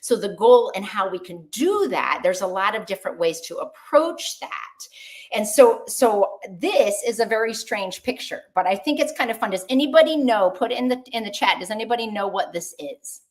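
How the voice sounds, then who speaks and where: Lively woman doctor on a video call. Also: mid-range voice, moderate pace. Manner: lively, conversational, asks the audience questions. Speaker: doctor giving a health talk. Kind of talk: online webinar presentation.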